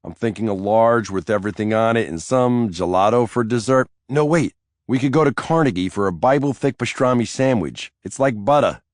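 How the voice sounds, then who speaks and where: A sardonic middle-aged cop , played by a man, deep-voiced and dry in his jokes. Close, dead room with no echo. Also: expressive, normal speed, lightly acted. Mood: wry. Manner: dry, wisecracking. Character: weary middle-aged male detective, wry and sardonic.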